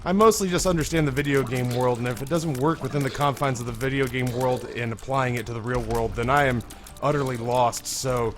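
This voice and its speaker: Hoarse young man rambling over gameplay. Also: medium pitch, brisk, a little hiss or hum. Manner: rambling, candid, swears freely. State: hoarse, strained voice. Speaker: gaming video host. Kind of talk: let's play commentary.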